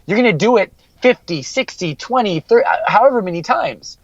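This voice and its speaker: A man's voice: high-pitched, expressive, fairly quick, no room sound, muffled recording. A man working as a mental skills coach, giving an earnest podcast interview and repeating key phrases for emphasis.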